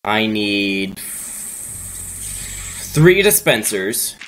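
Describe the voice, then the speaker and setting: A man's voice: fairly low pitch, very animated, very slow, a bit bright, a little hiss or hum, low-quality recording. A man hosting a let's play, chatting casually and thinking aloud as he builds. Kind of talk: casual gameplay chat.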